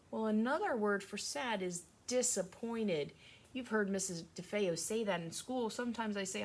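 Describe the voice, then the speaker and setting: A woman teacher giving a remote lesson to young children, speaking slowly and in a sing-song way. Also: medium pitch, slight background noise.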